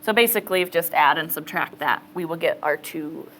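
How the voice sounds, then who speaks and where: Here a female math teacher lectures informally, reasoning aloud and checking in with students, in a low, fairly bright voice at a brisk clip. Poor audio carries a little hiss or hum. She keeps things chatty and easygoing, often saying "okay."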